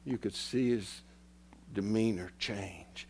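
In a sermon, a male preacher tells a story in a folksy, direct way with his listeners, his voice on the low side and his pace slow. He sinks into hushed whispers, then rises into loud, impassioned preaching, over a faint hiss or hum.

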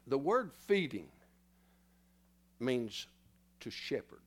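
Man, sermon in church, lively swooping delivery, folksy and teasing, a bit winded. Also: mid-range voice, extremely slow, pauses often, breathy edge. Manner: folksy, teasing the congregation, spells words letter by letter. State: out of breath. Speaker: preacher.

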